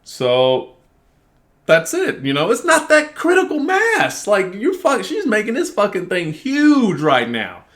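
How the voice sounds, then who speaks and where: A man venting to the camera in a casual monologue, cursing freely and acting out both sides of an argument in an animated way. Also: high-pitched, measured pace. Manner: animated, profane, reenacts arguments. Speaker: vlogger.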